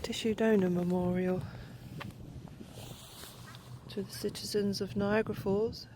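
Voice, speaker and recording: Soft-spoken woman vlogging outdoors. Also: mid-range voice, fairly even intonation, measured pace. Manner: reflective, soft-spoken, often drops to a hush. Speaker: travel vlogger. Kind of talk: walking vlog narration. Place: outdoor cemetery grounds. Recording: clear outdoor background noise.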